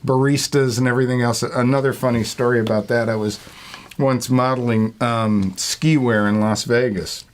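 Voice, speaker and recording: A man's voice: medium pitch, steady tone, moderate pace. A middle-aged man, a longtime retail worker, telling casual stories in a rambling, profane way and laughing as he goes. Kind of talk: casual storytelling.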